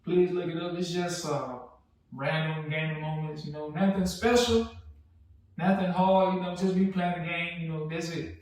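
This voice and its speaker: A laid-back man co-hosting a podcast, his voice sitting a little on the high side. He talks easily, often backing up his partner. The room around him is very echoey, and he sounds distant from the mic. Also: fairly even intonation, normal speed, a little mellow. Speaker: podcast co-host. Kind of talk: casual chat.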